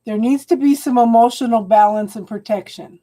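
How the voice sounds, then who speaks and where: A woman with a slightly high, mellow voice gives a tarot reading live to her viewers. Her delivery is halting and repetitive; she restarts phrases and calls people hun.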